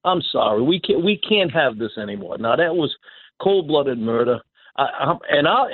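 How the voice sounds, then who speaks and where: A man's voice: medium pitch, lively intonation, normal speed, husky, dry recording. A man calling in to a radio show, emphatic and repetitive with stumbling restarts. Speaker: caller. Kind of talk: phone-in call. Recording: tinny phone line.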